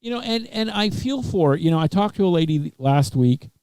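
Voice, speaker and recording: Rambling, halting male webcast host. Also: sits high, lively intonation, darkish tone, smooth, no echo. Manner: rambling storyteller with many fillers and restarts. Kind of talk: casual chat. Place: Texas.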